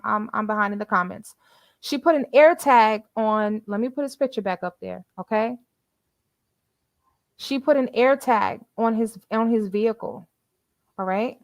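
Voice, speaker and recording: A woman's voice: fairly high pitch, a bit bright, no room sound. A woman hosting a casual livestream, chatty and preachy, quoting scripture and repeating phrases with many fillers. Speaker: livestream commentary host.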